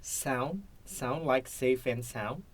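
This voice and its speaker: A slow-talking Indonesian man practicing his English in a conversation drill. He pauses, stumbles and repeats phrases as he reaches for the right words, at an everyday middle pitch. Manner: hesitant, repeats and restarts while searching for words. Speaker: English learner and teacher.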